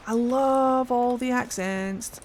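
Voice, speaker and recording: There's a little hiss or hum as a Geordie woman from Newcastle, England, talks extremely slowly in a voice on the high side. Streaming a game, she chats casually, responds to chat, and swears freely.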